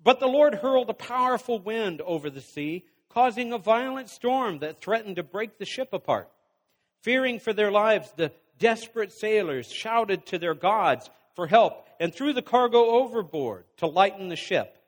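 A man's voice: high voice, animated, long reverb tail. A man preaching a sermon, reading scripture aloud and stopping to exhort his listeners. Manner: reads scripture then pauses to exhort the congregation.

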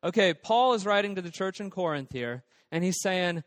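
A man's voice: high-pitched, expressive, normal speed, few pauses, no echo, long reverb tail. A man preaching a casual, conversational sermon as pastor, with frequent fillers and restarts.

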